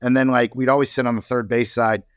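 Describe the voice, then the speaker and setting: A man telling stories as a podcast guest, wandering through fillers and restarts. His voice sits at an ordinary pitch. The sound is dry and close. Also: flat delivery, quick pace, no room sound. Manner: rambling storyteller, many fillers. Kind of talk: casual chat.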